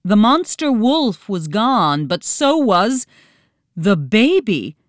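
Female storybook narrator: slow, expressive, smooth, close and dry. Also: medium pitch, dry recording. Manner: slow, expressive, dramatic reading.

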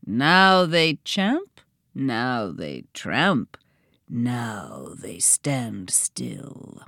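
A woman voicing a disembodied, throaty forest spirit who speaks in riddles in a slow, half-mocking manner. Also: a bass voice, big pitch swings, gravelly, a bit bright, dry recording, clean studio sound, pitched below the performer's own voice, heavily acted.

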